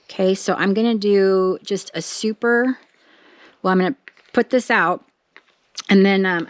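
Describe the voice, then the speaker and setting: A woman narrates her crafting in a casual, thinking-out-loud way, talking straight to her viewers. Her voice sits at an average pitch. Now and then she breaks into excited bursts. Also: slight background noise. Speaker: craft vlogger.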